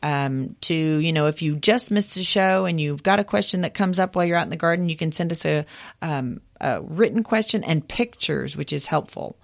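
A woman's voice: low-pitched, moderate pace, gravelly. Chatty female radio garden show host. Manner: friendly, chatty, with fillers. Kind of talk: call-in radio talk. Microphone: studio microphone.

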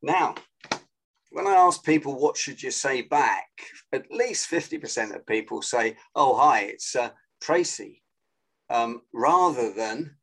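A man, a guest on a video call interview, explaining with animated energy and acting out phone greetings. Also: medium pitch, unhurried, rough recording. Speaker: guest, sales and influence trainer.

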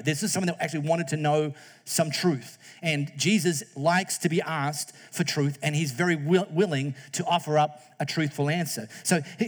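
A man with a fairly high-pitched voice preaches a chatty, joking sermon to a church congregation. He plays out little quoted voices as he goes and keeps the tone conversational. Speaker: pastor.

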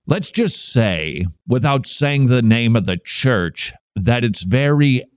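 A man's voice: mid-range voice, big pitch swings, takes it slowly, clean tone, no echo, clean studio sound. A man hosting a comedic commentary show, sarcastic and mocking as he talks. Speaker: podcast host.

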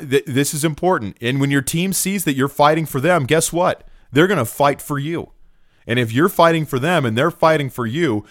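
A man's voice: mid-range voice, a bit bright, no room sound, studio quality. A middle-aged man hosting a business podcast, talking earnestly and emphatically, with a lot of "right?" and "look". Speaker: podcast host, business owner. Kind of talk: motivational podcast talk.

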